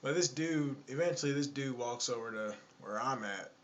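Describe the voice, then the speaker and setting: Casting note: chatty, exasperated man telling a story, mid-pitched. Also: normal speed, fairly bright tone, a little hiss or hum. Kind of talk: casual anecdote.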